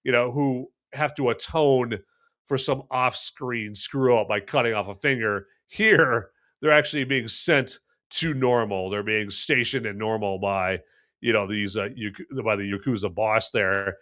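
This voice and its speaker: A man's voice: medium pitch, measured pace, sharp tone. A man hosting a live movie review podcast, rambling and joking while answering the live chat. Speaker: podcast host.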